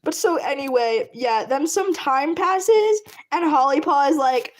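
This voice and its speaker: A woman's voice: high-pitched, lively intonation, a little slow. A woman telling a rambling, giggly story while drawing, with many fillers. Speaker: video creator.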